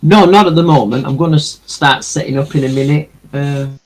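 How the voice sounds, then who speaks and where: Husky-voiced British man bantering. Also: on the high side, fairly quick. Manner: teasing, self-mocking banter. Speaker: hobby streamer. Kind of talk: casual chat while building models.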